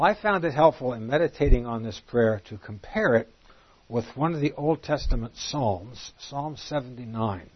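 A man's voice: mid-range voice, husky. A man teaching a Bible study class, reading scripture aloud in old-fashioned wording and explaining it, growing emphatic on the quoted verses. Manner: reads scripture aloud in King James wording, then explains; emphatic, rising on quoted lines. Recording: dull, lo-fi classroom recording.

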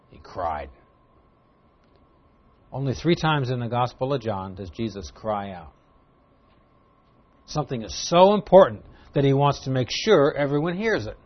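Male pastor, plain mid-pitched voice, conversational Bible teaching that swells loud for emphasis, dull lo-fi recording. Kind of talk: expository sermon.

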